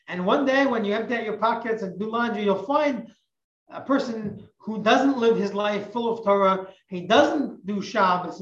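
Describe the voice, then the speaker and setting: A woman teacher telling a religious parable in an animated, emphatic way, often repeating phrases. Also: on the high side. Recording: echoey, muffled recording.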